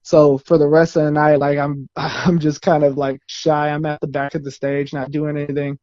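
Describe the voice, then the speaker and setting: A male dancer tells a story casually and ramblingly, correcting himself and laughing as he goes. His voice is a little high and darkish, delivered flatly at normal speed, with no echo and the highs cut off.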